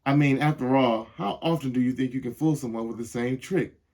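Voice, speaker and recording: A man's voice: mid-range voice, a little fast, a little mellow, natural voice. A man voicing a skeptical little cartoon sister in a storybook reading, with a doubtful, questioning manner.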